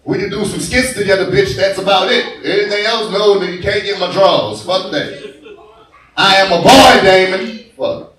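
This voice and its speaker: A young stand-up comic from New Orleans, crude and swaggering, with a high voice and his own accent. He is recorded live in a bar from a distance, so the sound booms back off the room. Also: moderate pace, a bit bright, heavy reverb. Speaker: stand-up comedian. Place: bar stage.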